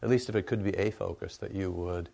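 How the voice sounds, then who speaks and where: An older male pastor preaching in a loose, conversational way, often pausing to ask his listeners "right?" His voice sits low and has a gravelly, creaky texture. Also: steady tone, warm tone. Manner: folksy and rambling, checks in with the congregation with frequent "right?". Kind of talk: conversational sermon.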